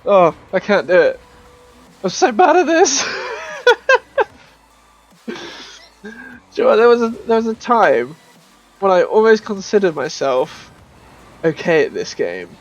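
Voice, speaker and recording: A man giving casual gameplay commentary as a streamer, chatty and self-mocking, with bursts of excited shouting. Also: high voice, normal speed, long pauses, dull audio.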